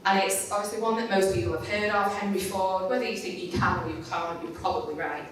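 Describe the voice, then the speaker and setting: A woman's voice: mid-range voice, fairly even intonation, quick pace, a little hiss or hum. Candid woman speaker in an echoey hall. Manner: candid and self-mocking, swears casually. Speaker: conference speaker. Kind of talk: storytelling talk. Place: conference stage in a large hall. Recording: echoey hall, mic at a distance.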